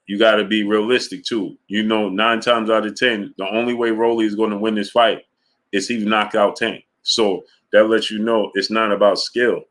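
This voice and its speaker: A man's voice: fairly low pitch, flat delivery, moderate pace. Fired-up man hosting a boxing stream. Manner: greets viewers by name between points, rising and forceful when arguing. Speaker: boxing talk show host. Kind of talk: live-stream chat reading super chats.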